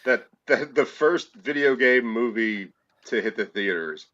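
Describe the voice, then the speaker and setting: A man's voice: medium pitch, lively intonation, unhurried, pushed and bright, highs cut off. Wry man in casual podcast talk. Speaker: podcast guest. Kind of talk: casual chat.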